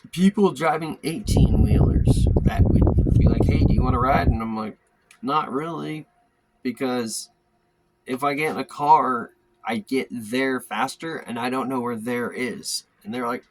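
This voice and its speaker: A man ranting in a loose, casual monologue, blunt and profane, who keeps jumping into other people's voices as he tells a story. His pitch sits in an ordinary middle range. Steady background noise and clicks run under the recording. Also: slow, poor audio.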